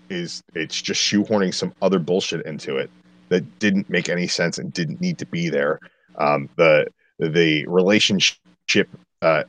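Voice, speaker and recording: A man with a very deep, low-pitched voice ranting through a movie review, blunt, exasperated and profane. The sound is dry and close, with no room around it. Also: no room sound. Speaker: podcast co-host.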